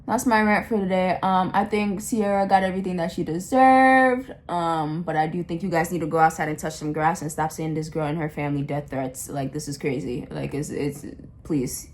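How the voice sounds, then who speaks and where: A woman's voice: low-pitched, moderate pace, a little hiss or hum. A young adult woman in a blunt, impassioned rant, slangy and full of repeats and restarts. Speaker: vlogger. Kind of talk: casual ranting monologue.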